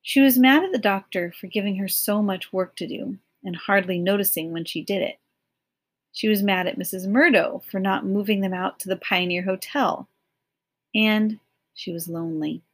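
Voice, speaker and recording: A woman reading a novel aloud as an audiobook, measured and expressive. Her voice sits in a plain middle register. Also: medium pitch. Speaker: audiobook narrator.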